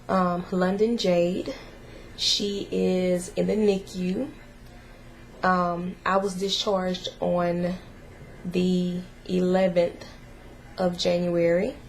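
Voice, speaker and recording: Woman, casual vlog mother's update: low, gravelly voice, hesitant and soft-spoken. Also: slight background noise. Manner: halting and hesitant, full of pauses and fillers; soft and emotional, holding back tears. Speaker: mother giving a family update.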